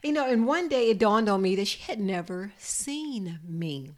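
A woman caregiver tells a personal story to a listening audience. Her voice sits mid-range, and she delivers it expressively, with lively swings as the tale builds. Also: mid-range voice, moderate pace. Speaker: home caregiver.

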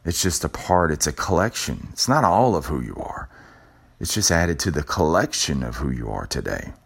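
A man with an extremely low, booming-deep voice delivers a motivational talk as a show host. He leans on repetition and builds an emphatic, preacher-like cadence. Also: very animated, moderate pace, creaky, breathy edge. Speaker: podcast host.

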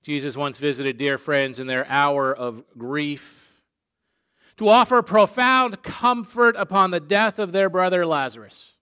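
Slow, emphatic male preacher. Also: on the high side, clean tone. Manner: slow, emphatic, drops soft on key phrases. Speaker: pastor. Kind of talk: sermon.

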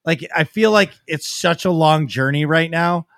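In studio-quality audio with no echo, a man with a slightly high, fairly bright voice speaks at a moderate pace. He's a podcast co-host and streamer in a casual chat, talking bluntly and swearing freely.

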